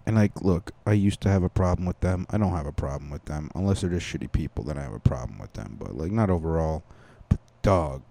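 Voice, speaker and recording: A man's voice: low-pitched, dark tone. A young man hosting a comedy podcast, rambling crudely in a casual monologue with many fillers and restarts.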